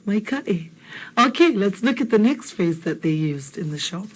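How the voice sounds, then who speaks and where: A woman teacher who explains phrases and repeats them slowly and encouragingly for learners. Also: mid-range voice, animated, breathy edge, low-quality recording. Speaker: Hawaiian language teacher. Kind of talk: language lesson explanation.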